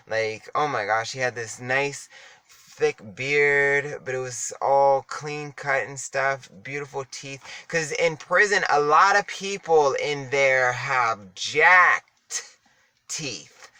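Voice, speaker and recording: A man's voice: medium pitch, pushed and bright. A young man telling a candid story in a casual, chatty monologue, with sassy asides and frequent laughs. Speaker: vlogger.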